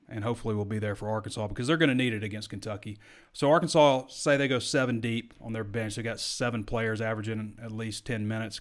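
Chatty male sports podcast host. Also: fairly low pitch. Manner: chatty, self-correcting, stat-heavy. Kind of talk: casual sports talk show.

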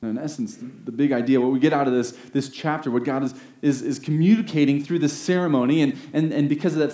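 A man preaching a sermon, earnest, rising to emphatic peaks and slowing down on key phrases. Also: medium pitch, dark tone. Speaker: pastor. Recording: roomy echo.

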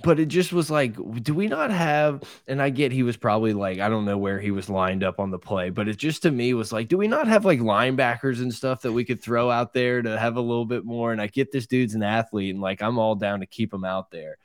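A man's voice: mid-range voice, a little fast, hardly any pauses, dry recording, clean studio sound. A man co-hosting a podcast, giving opinionated football takes in a rambling casual way. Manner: opinionated, rambling, restarts often. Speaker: podcast co-host. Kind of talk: casual sports chat.

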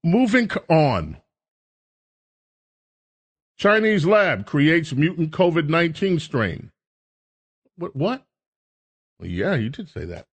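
A man's voice: fairly high pitch, very animated, takes it slowly, pauses often, breathy edge. A man hosting a talk radio show, rambling through a jokey, self-mocking monologue.

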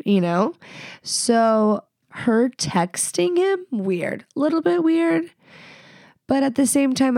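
A woman's voice: medium pitch, a little mellow, no echo. Congested woman in her thirties hosting a podcast, blunt and candid, dry close mic. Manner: blunt, candid, quick asides. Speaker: podcast host. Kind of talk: casual advice chat.

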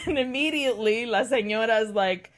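A woman's voice: on the high side, normal speed. A woman co-hosting a podcast, animatedly retelling a film's plot, dropping in Spanish phrases and swearing casually. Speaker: podcast co-host. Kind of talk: casual film recap chat.

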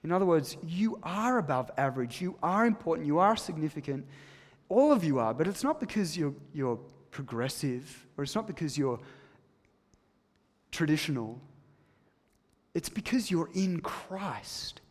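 Emphatic preacher in a reverberant hall. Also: male voice, big pitch swings, moderate pace. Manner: emphatic, shifts between loud stresses and soft, low asides. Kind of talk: sermon.

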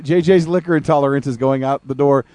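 A man's voice: medium pitch, steady tone, fast talker, a little mellow. A man co-hosting a radio show about wrestling, joking loosely and swearing often. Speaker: wrestling podcast co-host. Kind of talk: casual profane commentary.

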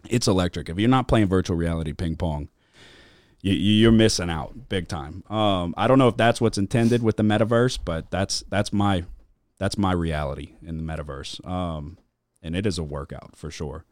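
A man's voice: low-pitched, normal speed, no echo, studio quality. A man hosting a podcast, telling rambling stories full of swearing and filler words in casual chat. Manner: rambling storytelling, heavy swearing, lots of filler. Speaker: podcast host.

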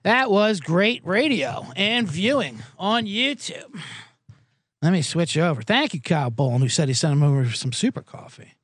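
Guy doing a betting podcast solo in a booth, swears a lot, rambles, high bouncy voice. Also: sing-song, moderate pace, fairly bright tone, no room sound, clean studio sound. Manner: profane, rambling, self-mocking. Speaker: sports betting podcast host. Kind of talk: casual sports betting talk on a live podcast. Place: small booth alone. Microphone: studio microphone.

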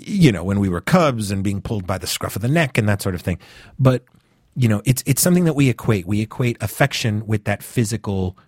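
A podcast host with a fairly low male voice and a Northeastern US upbringing chats in a loose, rambling way. His speech is full of "you know" and restarted phrases. The recording is close and dry, with no room sound. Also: a little mellow, no echo. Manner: rambling, conversational, with frequent fillers and restarts. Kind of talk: casual podcast commentary.

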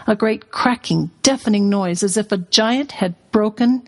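A woman reading a storybook aloud as a guest on a radio talk show in an expressive storytelling manner. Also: mid-range voice, normal speed. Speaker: guest, curriculum company president.

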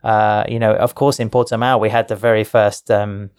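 A man's voice: fairly low pitch, little pitch movement, moderate pace, a little mellow, clean tone, dry recording, clean studio sound. A man hosting a racing discussion, talking with hesitations and fillers. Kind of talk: studio discussion.

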